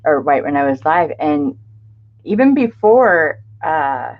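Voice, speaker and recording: Speaking slowly in a low voice with big swings in pitch, a middle-aged woman hosts a relaxed craft livestream. She laughs often and welcomes viewers by name, and the stream audio is dull and lo-fi.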